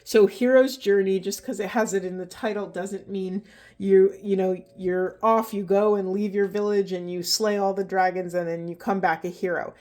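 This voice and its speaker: A woman giving a slow, halting spiritual card reading, emotional, with heavy breathing and a trembling voice. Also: medium pitch, fairly even intonation, a little mellow. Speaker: oracle card reader.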